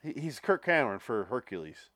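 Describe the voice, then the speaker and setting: A man's voice: mid-range voice, very animated, brisk, a bit bright. A man hosting a casual podcast chat, blunt and joking, swearing freely. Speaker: podcast host.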